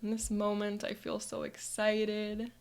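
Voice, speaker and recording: An upbeat woman coach narrates a guided visualization in the present tense. Her mid-range voice carries a noticeable vocal fry. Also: medium pitch, monotone, unhurried, darkish tone.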